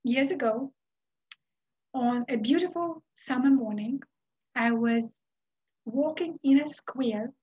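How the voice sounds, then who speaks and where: A middle-aged woman from Uzbekistan telling a story in a speech, with a dramatic, unhurried delivery full of pauses. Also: sits high, warm tone, slightly rough. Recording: dull lo-fi recording.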